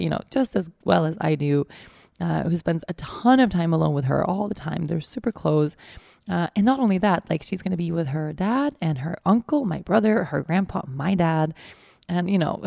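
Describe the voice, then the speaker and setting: A woman's voice: fairly low pitch, gravelly, darkish tone, dry recording, clean studio sound. A woman in her thirties hosting a podcast, telling a personal story in a candid, rambling way with many fillers. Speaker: podcast host.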